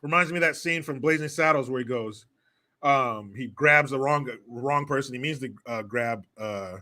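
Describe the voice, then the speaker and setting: A man's voice: mid-range voice, normal speed, sharp tone. A man hosting a casual commentary vlog, sarcastic and mocking, swearing freely and laughing often. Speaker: host.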